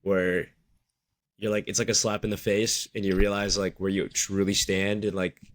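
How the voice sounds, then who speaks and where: Young man podcast co-host, lowish voice. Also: flat delivery, normal speed. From Midwestern United States. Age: 20s. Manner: loose, hedging, full of "like" fillers. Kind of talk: casual chat.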